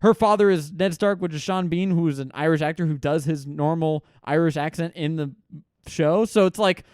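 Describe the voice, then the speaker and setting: A man's voice: on the high side, normal speed, darkish tone, no echo, studio quality. A man co-hosting a casual movie podcast, talking bluntly with frequent swearing and laughter. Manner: blunt, profane, laughs often. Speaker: podcast co-host. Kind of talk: casual movie review chat.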